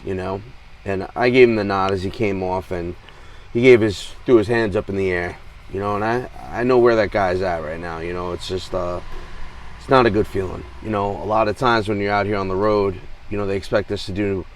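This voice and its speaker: A man's voice: fairly low pitch, distant mic. A truck-driving man venting in a rambling, frustrated way, telling road stories with lots of fillers, from inside his truck cab. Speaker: truck driver vlogger. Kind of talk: casual venting monologue.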